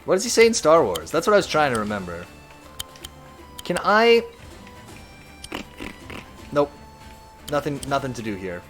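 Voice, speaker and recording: A man's voice: fairly high pitch, moderate pace, pauses often, faint music behind. A man live-streaming a strategy game, chatting casually and reading viewer messages aloud. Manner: reads chat aloud, chatty and animated.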